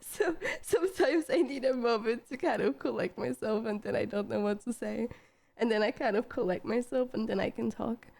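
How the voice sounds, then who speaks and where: A woman streamer talking to her chat in a casual, emotional way, tearful and halting, often repeating words and restarting. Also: a little high, vocal fry, darkish tone. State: tearful, voice breaking. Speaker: live streamer.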